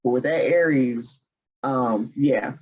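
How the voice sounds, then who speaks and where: A woman co-hosting a podcast, chatting candidly about her relationships with a relaxed, laughing manner. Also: extremely low pitch, slow, slightly rough, highs cut off. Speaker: podcast co-host. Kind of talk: casual chat.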